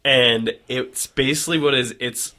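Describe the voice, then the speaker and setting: A man's voice: mid-range voice, steady tone, measured pace, sharp tone. A young man co-hosting a casual podcast, telling a rambling travel story full of fillers. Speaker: podcast co-host. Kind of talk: casual chat.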